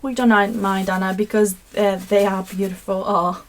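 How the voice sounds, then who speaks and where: A woman's voice: mid-range voice, fairly even intonation, normal speed. A young woman from Poland, hosting a live craft session and chatting to viewers in a rambling, self-mocking way as she paints at her desk. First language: Polish. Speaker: craft video host. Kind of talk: casual live craft chat.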